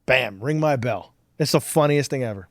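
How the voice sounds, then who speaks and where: A man's voice: mid-range voice, moderate pace, no echo, clean studio sound. Rambling, cursing male podcast host. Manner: profane, rambling storyteller with many fillers. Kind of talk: casual podcast chat.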